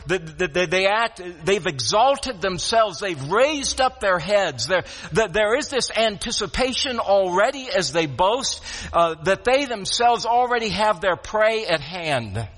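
High bright preaching man in a reverberant hall. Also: very animated, unhurried. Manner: earnest preaching with frequent restarts and repeated words. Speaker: pastor. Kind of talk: sermon.

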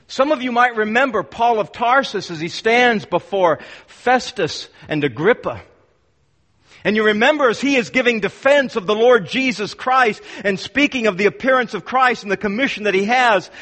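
A man's voice: high-pitched, a bit bright. Emphatic male preacher in echoing hall. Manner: emphatic, repeats words for force. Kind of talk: sermon. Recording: long hall reverb.

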